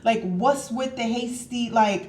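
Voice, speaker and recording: A woman's voice: lowish voice, normal speed, roomy sound. A woman vlogger in a hotel room, telling a travel story casually and acting out the dialogue. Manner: animated storytelling, acts out both sides of the dialogue.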